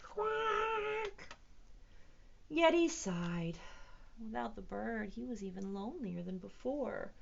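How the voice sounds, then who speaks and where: A woman working as a children's librarian, reading a picture book aloud to young children in a playful, expressive storytime manner. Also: medium pitch, a little slow, vocal fry, lo-fi sound, slight background noise.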